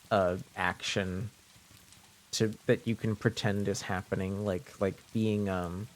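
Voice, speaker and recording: Male streamer from French Canada, unhurried delivery, playful, rambling chat that loops back on itself. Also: lowish voice. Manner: rambling, joking, repeats himself. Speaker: live streamer.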